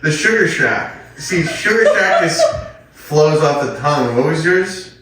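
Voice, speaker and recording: Canadian guy riffing on a podcast, bright lively voice, roomy echo, a bit off mic. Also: on the high side, unhurried, distant mic. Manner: rambling, crude, laughs often and loudly. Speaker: podcast host. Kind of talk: crude improvised comedy chat.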